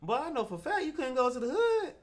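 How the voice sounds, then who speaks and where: A man hosting a comedic commentary show, mocking and laughing often, in a slang-heavy voice that jumps around in pitch. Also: sing-song, fast talker.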